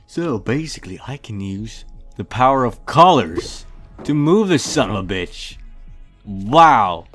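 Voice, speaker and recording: A man's voice: mid-range voice, big pitch swings, a little slow. Young man, gaming commentary, brash, mock-arrogant, faint music under voice. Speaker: gaming youtuber. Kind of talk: comedic gameplay commentary.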